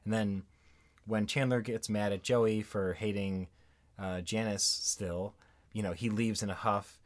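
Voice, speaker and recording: Relaxed man retelling sitcom scenes. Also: fairly low pitch, unhurried. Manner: relaxed, corrects and retells scenes with quoted lines. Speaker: podcast co-host. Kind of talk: casual chat recapping a sitcom episode.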